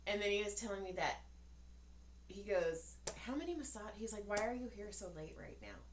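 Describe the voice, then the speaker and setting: A woman's voice: mid-range voice, big pitch swings, normal speed, noisy background. A woman in her forties, a podcast co-host, tells a story in casual chat, acting out the voices of the people in it and swearing freely. She sounds tired. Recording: echoey room.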